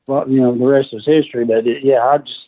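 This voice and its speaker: Male guest, husky and a little high, lively storyteller, heard over a tinny line. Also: fast talker. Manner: animated storyteller acting out quoted lines. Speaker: guest, retired wrestler. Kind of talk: casual storytelling.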